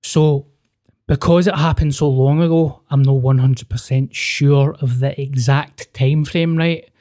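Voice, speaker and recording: A young man hosting a podcast who tells a story in casual, colourful language, full of swearing and restarts. His voice is mellow and dark, sitting at a middle pitch. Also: measured pace. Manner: sweary, animated, with frequent restarts. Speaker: podcast host.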